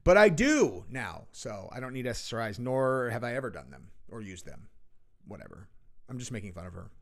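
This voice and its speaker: A man's voice: mid-range voice, very animated, a little fast. A man giving casual, sarcastic reaction commentary and mocking what he hears.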